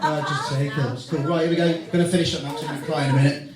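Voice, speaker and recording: A man's voice: fairly high pitch, fairly even intonation, racing. A middle-aged man giving a teasing, heartfelt best man speech at a wedding reception. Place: wedding reception hall with guests. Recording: echoey hall from far off, crowd.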